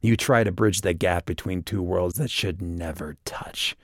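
A man voicing a whip-thin, scowling, bitter man who sneers and strains close to a shout. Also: deep voice, unhurried, dry recording. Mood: bitter, sneering.

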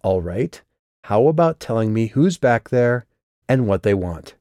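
A curt, sarcastic young woman, read by a man in an audiobook, snapping back with clipped exasperation. Her voice sits only a little above a deep natural register. The recording is dry and close. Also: big pitch swings, measured pace, mellow, dry recording. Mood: exasperated. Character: sharp-tongued, irritated young woman driver. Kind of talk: audiobook character reading.

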